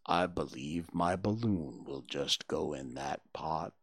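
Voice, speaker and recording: A man reading a storybook and voicing a gloomy old male donkey in a low, half-whispered murmur. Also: slow, no echo, studio quality, heavily acted. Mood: proud.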